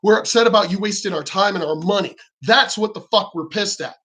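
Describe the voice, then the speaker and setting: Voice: mid-range voice, brisk, a bit bright. A vlogger ranting angrily about politics, swearing often and mocking opponents. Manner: profane, heated, sarcastic, mocks opponents in quoted voices. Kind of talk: angry ranting commentary.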